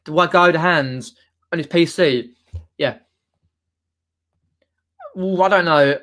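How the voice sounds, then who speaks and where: A young man from southern England, near London, speaks with a Mockney accent in a slightly high, somewhat bright voice, taking his time. He's chatting casually on a live stream, reading out viewer comments and rambling with lots of restarts.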